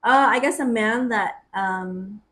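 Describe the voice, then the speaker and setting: A young woman co-hosting a podcast, telling stories in a lively way, acting out what people said and laughing often. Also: medium pitch, takes it slowly. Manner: animated, acts out quotes, laughs often. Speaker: podcast co-host. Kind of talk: casual chat, storytelling.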